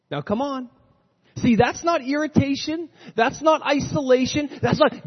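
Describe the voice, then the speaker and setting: A man with a high, slightly husky voice preaches from the pulpit, swinging between loud emphatic lines and hushed low ones. The sound is dull and lo-fi, with a long reverb from the sanctuary around him. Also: animated, moderate pace. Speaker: pastor. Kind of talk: sermon. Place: church sanctuary. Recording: dull lo-fi recording in a reverberant hall.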